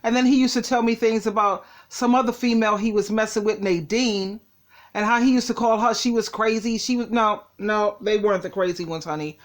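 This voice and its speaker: A woman's voice: medium pitch, fairly even intonation, fairly quick. An older woman chatting casually, agreeing and telling her own story about an ex. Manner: chatty, agreeable, laughs along. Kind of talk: casual chat.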